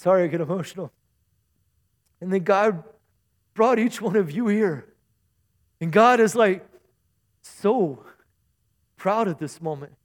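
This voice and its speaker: Pastor guy w a high voice, joking around mid sermon, keeps tossing amens at the church. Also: slow pace, pauses often. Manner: chatty, jokey preaching with call-and-response asides. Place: church service.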